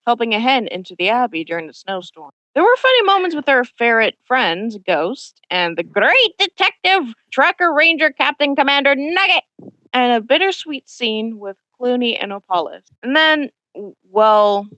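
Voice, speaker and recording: A woman's voice: fairly high pitch, big pitch swings, moderate pace, hardly any pauses, sharp tone, no echo, highs cut off. A woman reading a scripted recap of a tabletop game, leaning dramatically on names. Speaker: recap narrator. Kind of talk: scripted narration.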